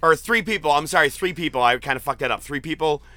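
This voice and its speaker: A man hosting a casual podcast chat, retelling jokes with excited, profane laughter. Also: on the high side, fast, no echo. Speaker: podcast host. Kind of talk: casual chat recapping an event.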